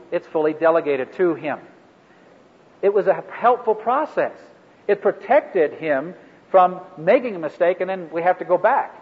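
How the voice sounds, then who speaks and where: A man leading a ministry training workshop for a live group, talking in a halting way with many fillers and restarts. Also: high-pitched. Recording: echoey hall over a phone-like line.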